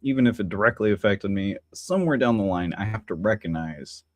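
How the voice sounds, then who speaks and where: Rambling, musing man with a lowish voice. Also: expressive, brisk, no room sound. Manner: many fillers and restarts, chatty asides to viewers. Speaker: livestream host. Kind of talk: casual solo livestream chat.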